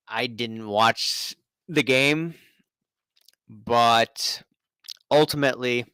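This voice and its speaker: Man, live stream host, unhurried, clear voice, dry sound. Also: medium pitch, bright, forceful tone, dry recording. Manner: rambling, chatty, reads viewer comments aloud. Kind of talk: casual live stream chat, reading comments.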